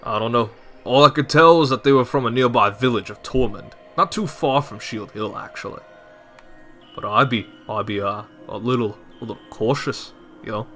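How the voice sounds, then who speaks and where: A man's voice: medium pitch, normal speed, bright, forceful tone, faint music behind, natural voice. A man voicing a wary villager in a put-on Australian accent, giving a casual, hesitant warning.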